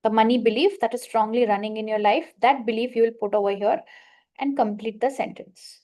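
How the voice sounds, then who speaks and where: A woman coach leading a guided money affirmation exercise, slowly repeating statements and giving prompts to her listeners. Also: a little high, steady tone, mellow. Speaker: manifestation coach leading a workshop.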